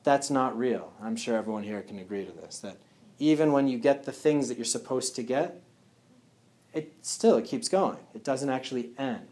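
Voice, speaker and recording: A man's voice: medium pitch, lively intonation, moderate pace, dark tone. Man giving a chatty wellness talk. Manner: conversational, checks in often with "yeah?" and "right?". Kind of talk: casual talk to a live audience.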